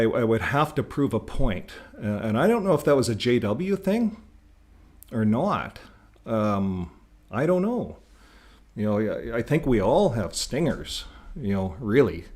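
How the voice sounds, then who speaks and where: A man's voice: mid-range voice, darkish tone. An older man from Canada hosting his own channel, talking casually to camera in a rambling way, repeating words and chuckling. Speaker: YouTube channel host.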